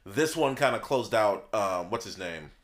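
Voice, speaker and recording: A man co-hosting a podcast in casual chat, animated and swearing freely, voice jumping up when he gets excited and laughing often. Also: on the low side, measured pace. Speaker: podcast co-host.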